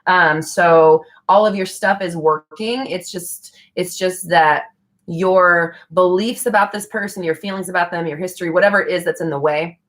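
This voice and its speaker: Casting note: young adult woman, lower-pitched, chatty livestream host, blunt and casual. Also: fairly bright tone. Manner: chatty, frank, swears casually, laughs often. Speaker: livestream host answering viewer questions. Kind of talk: casual live Q&A chat.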